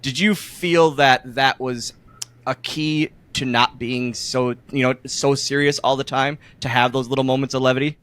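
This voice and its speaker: A man's voice: mid-range voice, steady tone, moderate pace, fairly bright tone, smooth, no room sound. A man hosting a casual podcast interview, chuckling along and asking his guest questions. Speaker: podcast host.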